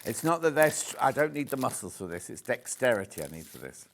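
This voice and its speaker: A man's voice: medium pitch, very animated, a little fast, vocal fry, slight background noise. A man presenting a live shopping channel show from a studio, chatty and jokey, selling fabrics and reading out viewer messages. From United Kingdom.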